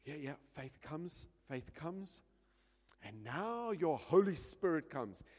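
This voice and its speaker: A man preaching a sermon as pastor, animated, dropping quiet and then shouting, acting out little scenes. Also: fairly high pitch, slow, in a large hall.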